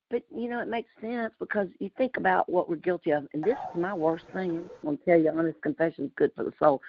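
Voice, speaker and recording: A woman's voice: fairly low pitch, fast talker, hardly any pauses, slight background noise. Southern woman, talkative storyteller, muffled call-line sound. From Louisiana. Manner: chatty, animated storytelling with frequent laughs. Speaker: community call participant. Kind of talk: casual group call chat. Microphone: remote call audio.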